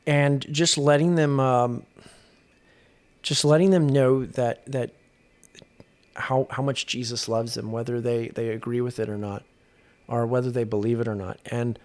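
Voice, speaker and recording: A young adult man, appearing as a guest on a podcast, is an exorcist who tells stories earnestly in casual conversation, often restarting his sentences. His voice is medium-pitched with fairly even intonation, and he speaks unhurriedly.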